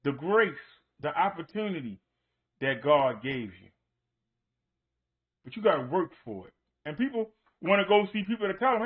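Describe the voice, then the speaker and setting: A man's voice: high voice, big pitch swings, normal speed, pauses often, husky. A man preaching on his online show, hammering points home with repeated rhetorical questions. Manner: emphatic, repetitive rhetorical questions. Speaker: minister. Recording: tinny phone-like sound.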